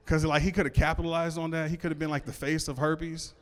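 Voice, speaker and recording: A man's voice: fairly high pitch, level tone, quick pace. A man performing a stand-up set on a club stage, talking loosely with stammered restarts and asides to the crowd. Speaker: stand-up comedian. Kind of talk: stand-up set before a live audience.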